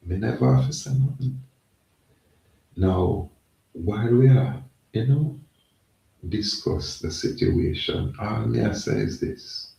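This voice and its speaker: A man's voice: mid-range voice, takes it slowly, vocal fry, long pauses, dark tone. A man talking in a rambling, emphatic casual monologue, repeating himself. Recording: echoey, from far off the mic.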